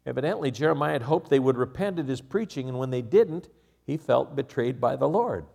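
A man preaching a sermon, swinging from quiet asides to raised, emphatic passages and chuckling at his own jokes. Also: mid-range voice, animated, brisk, creaky. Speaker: pastor.

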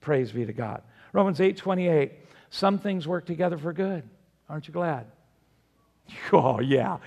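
An older man preaching a sermon as pastor, emphatic, swinging between loud declarations and soft appeals. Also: fairly high pitch, gravelly, big-room sound.

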